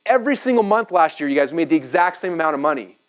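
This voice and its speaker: Guy rattling thru a business seminar at a whiteboard, quick and excitable, keeps asking okay? right?. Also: fairly high pitch, poor audio. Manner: energetic, chatty, frequent "okay?" and "right?" check-ins. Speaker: speaker teaching business marketing. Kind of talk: live seminar teaching with a whiteboard.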